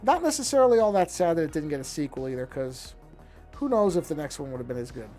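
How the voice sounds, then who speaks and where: A man's voice: a little high, big pitch swings, quick pace, warm tone, soft background music. A man streaming while he draws, chatting casually, musing aloud and often restarting his sentences. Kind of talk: casual talk while drawing.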